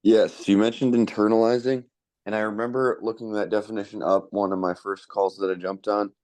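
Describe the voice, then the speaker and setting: Low-voiced man asking a polite question. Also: flat delivery, brisk, darkish tone. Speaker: participant on a group call.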